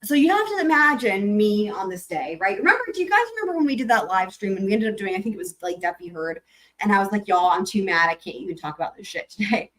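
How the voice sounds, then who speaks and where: A woman hosting a live stream, reading court filings aloud and commenting on them in a chatty, animated way. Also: mid-range voice, fast talker, low-quality recording. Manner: chatty, animated, breaks into sung snippets.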